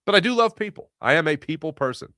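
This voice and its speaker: A middle-aged man from Philadelphia hosting a casual sports talk show, telling animated stories and acting out voices. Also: on the high side, fast, no room sound, clean studio sound. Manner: animated storytelling, acts out voices.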